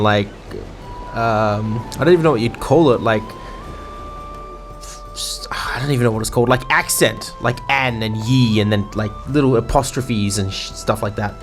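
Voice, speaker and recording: A man talks casually over gameplay, rambling along and poking fun at himself. His voice sits at a middle pitch. Game music plays faintly behind him. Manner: rambling, self-mocking, laughs at himself. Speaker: let's play host.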